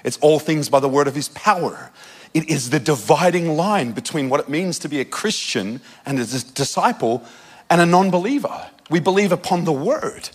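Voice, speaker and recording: Australian man, preacher, sermon storytelling, somewhat high voice, animated and self-mocking. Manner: animated storytelling, quick asides, laughs at himself.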